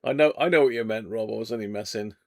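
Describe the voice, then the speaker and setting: Bloke on a livestream, bit of fry in his voice, chatty and jokey. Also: on the low side, fast, darkish tone. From Devon, England. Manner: chatty, jokey, reads out viewer comments. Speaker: livestream host. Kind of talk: casual live chat. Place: home radio workshop.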